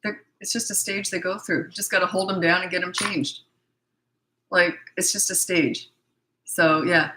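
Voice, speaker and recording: A woman's voice: lowish voice, steady tone, unhurried. A middle-aged woman with a scratchy throat, giving no-nonsense parenting advice in a casual question-and-answer session. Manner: blunt, no-nonsense, matter-of-fact.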